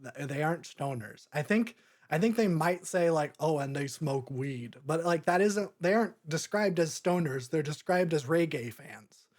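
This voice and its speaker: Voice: medium pitch, lively intonation, normal speed, a little mellow. A podcast host talking through a movie in a casual, rambling way, often breaking into laughter. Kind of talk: casual movie review chat.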